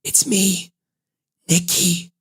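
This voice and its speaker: A man voicing a ghostly young woman in a hushed, unvoiced whisper, as whispered role-play. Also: high-pitched, flat delivery, very slow, husky, no echo, pitched above the performer's own voice, exaggerated voice.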